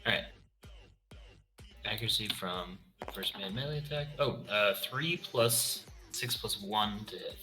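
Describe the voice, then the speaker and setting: A man plays a tabletop game with a low voice that is very bright in tone. He hesitates and thinks aloud about his moves. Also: a little slow, faint music behind. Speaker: player. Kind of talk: casual tabletop game chat.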